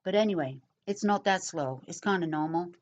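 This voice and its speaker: A middle-aged woman chatting casually as she answers comments, talking slowly and rambling with pauses and fillers. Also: fairly low pitch. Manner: slow, rambling, pausing, with many fillers. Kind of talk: casual chat.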